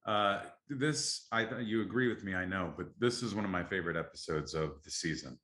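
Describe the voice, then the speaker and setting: Podcast host, male, deep and bright, enthusiastic, echoey room. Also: brisk. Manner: upbeat, enthusiastic. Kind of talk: casual podcast chat.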